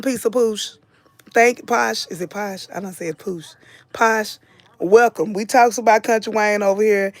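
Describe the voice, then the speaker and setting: A woman's voice: fairly low pitch, darkish tone, dry recording. A middle-aged woman, hosting a live commentary stream, chatting casually and reading viewer comments aloud. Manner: chatty, reads viewer names aloud, drawls and repeats phrases.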